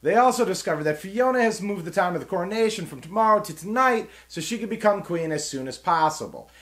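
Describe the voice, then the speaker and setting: Animated man retelling a film. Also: sits high, fast. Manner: animated retelling, acts out characters, laughs often. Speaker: film review host. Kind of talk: casual film breakdown.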